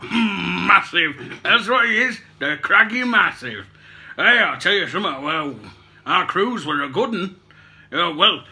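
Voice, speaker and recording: A man with a high, sharp-toned voice spins a rambling comic yarn in character as a puppet-show host. His accent blends Cockney and Somerset, and he keeps correcting himself, swearing, and laughing at his own jokes.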